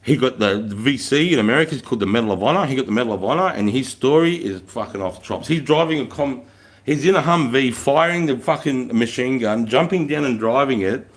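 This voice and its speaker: A man's voice: mid-range voice, expressive, quick pace. An Australian man in his forties, a retired soldier hosting a casual livestream, chatting with viewers, swearing freely and laughing often. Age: 40s.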